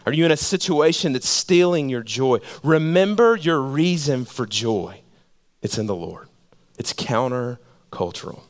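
A male pastor preaching a sermon in a conversational way, repeating phrases for emphasis and dropping to a hush. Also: mid-range voice, animated, measured pace. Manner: conversational, repeats phrases for emphasis, swings between loud and hushed.

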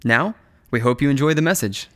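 A man announcing a recorded church message in an even, read style. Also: mid-range voice, brisk, dry recording.

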